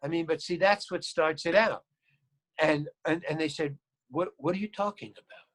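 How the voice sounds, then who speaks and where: Animated male storyteller, slightly high voice. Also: normal speed. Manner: animated, acts out quoted lines, repeats words. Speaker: guest actor. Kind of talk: storytelling anecdote.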